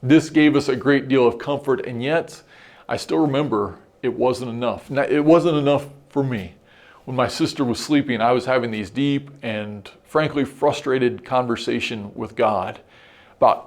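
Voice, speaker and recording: A man's voice: mid-range voice, moderate pace. A middle-aged man preaching a sermon as a pastor, telling a personal story in an earnest, reflective way with frequent restarts.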